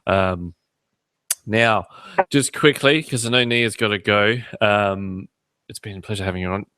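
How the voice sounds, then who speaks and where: A man's voice: lowish voice, measured pace, pushed and bright, clear, resonant tone, dry recording. A man with an Australian accent co-hosting a podcast in casual, joking chat with many fillers. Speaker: podcast co-host.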